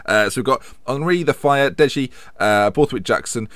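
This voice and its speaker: A man's voice: mid-range voice, normal speed, a bit bright, dry recording. A young man from England giving rambling, self-mocking casual commentary over a football management game, slipping into mock match commentary. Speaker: gaming YouTuber.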